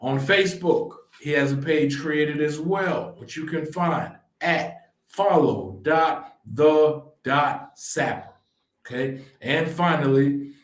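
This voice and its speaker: Podcast host, man, slow and deliberate, roomy echoey sound, checks in with "okay?". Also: on the high side. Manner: tags lines with "okay?", steady plug reading. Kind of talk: casual interview and show promo.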